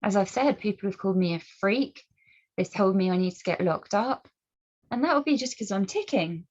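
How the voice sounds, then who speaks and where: A woman's voice: mid-range voice, expressive, normal speed, a little mellow. A woman speaking earnestly to camera as a campaigner, asking pointed rhetorical questions and often restarting her sentences. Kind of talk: personal commentary and storytelling. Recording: dull lo-fi recording.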